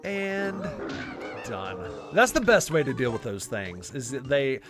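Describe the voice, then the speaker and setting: A man's voice: medium pitch, very animated, takes it slowly, over music. A man hosting a live gameplay stream, chatting casually in a rambling, self-deprecating way with plenty of fillers. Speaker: gaming channel host.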